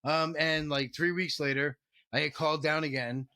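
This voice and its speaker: A man sits in as a guest on an interview podcast, telling stories in a loose, rambling way, heavy on fillers and swearing. His voice sits a bit high for a man and comes across bright and forceful. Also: fairly even intonation, normal speed, clean tone. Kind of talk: casual storytelling in an interview.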